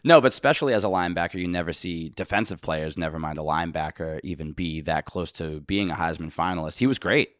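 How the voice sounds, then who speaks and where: A man co-hosting a podcast, with a very low, deep voice. He tells stories in a wry, joking way. The recording is dry and close, with no room sound. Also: quick pace, hardly any pauses, fairly bright tone, no room sound. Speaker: podcast co-host. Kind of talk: casual chat.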